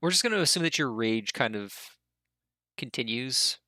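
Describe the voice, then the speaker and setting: A man narrating a tabletop game as dungeon master, in a loose, halting way with spoken sound effects. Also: mid-range voice, expressive, pushed and bright, no echo.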